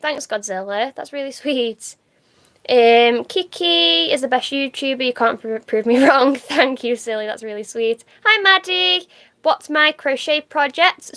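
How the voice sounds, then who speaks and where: A woman's voice: sits high, fairly bright tone. A woman from the UK chatting on a livestream, reading out comments, laughing easily and swearing casually. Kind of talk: casual live-stream chat reading comments.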